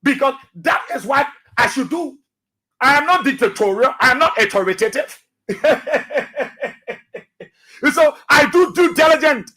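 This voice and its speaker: A man's voice: very high-pitched, lively intonation, moderate pace, bright, forceful tone. A man with a Liberian accent, hosting a radio talk show and delivering a preachy, combative political monologue full of repetition and scripture. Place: radio studio.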